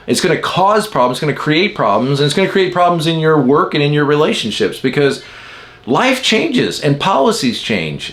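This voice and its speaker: A man giving a casual talk about personality types. He explains patterns with everyday examples and sometimes acts out the people in his stories. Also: mid-range voice. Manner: animated storytelling with acted quotes. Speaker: Enneagram teacher.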